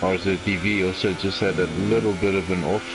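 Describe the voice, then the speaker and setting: A man commentating a sim race live, making dry, deadpan remarks. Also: low-pitched, quick pace, noisy background.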